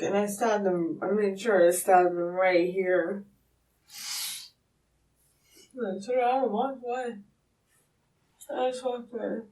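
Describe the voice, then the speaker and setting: A young woman in her twenties, sedated and slurring, answering questions in a police interview room, halting and trailing off. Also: mid-range voice, fairly even intonation, warm tone, a little hiss or hum. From Florida, USA. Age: 20s. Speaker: suspect being questioned. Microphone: room recording device. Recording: distant room recording.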